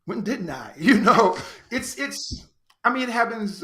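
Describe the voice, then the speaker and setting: A man from Chicago, a podcast guest, telling his life story in an earnest, animated way and repeating phrases for emphasis. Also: high voice, measured pace. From Chicago, United States. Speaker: podcast guest, actor and writer. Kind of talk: reflective personal storytelling.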